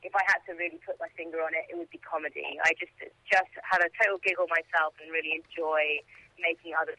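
A woman's voice: sits low, pushed and bright. A woman guest, an actress, speaking on a call-in line, giggly and enthusiastic. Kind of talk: phone-in interview. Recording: tinny phone line.

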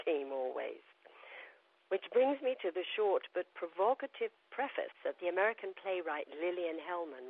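A woman's voice: lowish voice, breathy edge. A woman guest correspondent reading her own reflective letter aloud, calling in from home over the telephone. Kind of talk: reading a personal audio letter. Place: at home in upstate New York. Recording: tinny phone line.

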